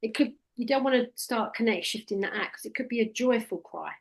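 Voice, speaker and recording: A woman's voice: a little high, fairly quick. A woman, a hypnotherapy trainer teaching one-to-one in a direct, practical way and quoting what she tells clients in a soothing voice.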